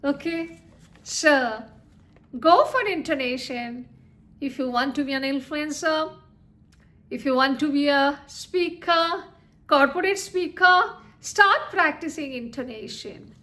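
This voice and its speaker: High-voiced slow teacher woman. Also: pushed and bright. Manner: explains slowly with frequent "okay?" and "you know". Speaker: English teacher. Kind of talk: spoken English lesson.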